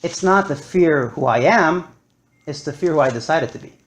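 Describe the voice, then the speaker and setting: A man lecturing to a live audience, animated and acting out his stories with big swings in his voice. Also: on the high side, normal speed.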